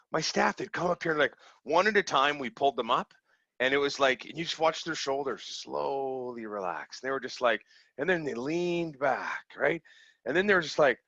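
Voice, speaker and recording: A man, a small business owner from Canada, telling stories in a casual, animated way and acting out the people he quotes. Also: mid-range voice, no echo, dull audio. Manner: animated, acts out quoted people, laughs easily. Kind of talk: casual storytelling over video call.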